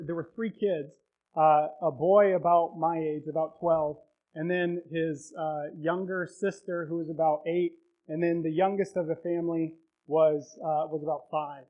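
Male pastor, sermon, emotional storytelling, high voice. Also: low-quality recording. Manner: storytelling, emotional, swelling to loud peaks.

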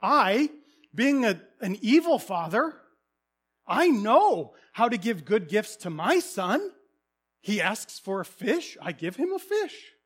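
Man, thirties, lively pastor, high voice, acts out stories in a sermon. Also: slow, breathy edge. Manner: animated storytelling, acting out characters, bursts of loud calls.

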